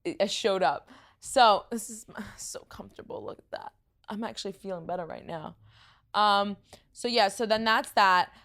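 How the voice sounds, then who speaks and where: A woman's voice: mid-range voice, moderate pace, fairly bright tone. A young woman with a New York accent, hosting a casual podcast, tired and rambling, laughing often. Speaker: podcast host. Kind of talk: casual chat.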